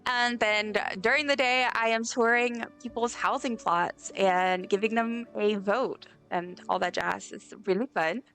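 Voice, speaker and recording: A woman's voice: a little high, steady tone, measured pace, few pauses, a bit bright. A woman livestreamer chatting casually and effusively while she plays, reading chat aloud. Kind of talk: casual live-stream chat while gaming. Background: faint game music.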